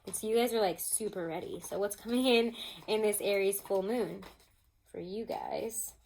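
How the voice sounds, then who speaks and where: A woman's voice: mid-range voice, normal speed, slight background noise, rough recording. Woman, chatty tarot reader, casual, lots of fillers, at home. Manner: chatty, animated, many "like" and "um" fillers. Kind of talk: casual tarot reading to viewers. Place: home with pets nearby.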